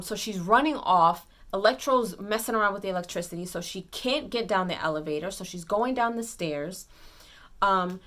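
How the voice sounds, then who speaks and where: A woman giving a casual spoiler movie recap, retelling scenes excitedly with lots of fillers and restarts. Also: medium pitch. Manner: excited retelling, acts out characters' lines. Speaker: movie reviewer.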